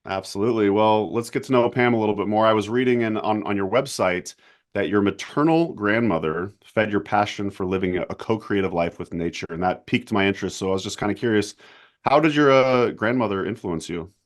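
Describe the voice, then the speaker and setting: A man with a very low voice hosts a podcast interview. He asks his questions in a relaxed, hesitant way and often restarts his phrases. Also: brisk. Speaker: podcast host.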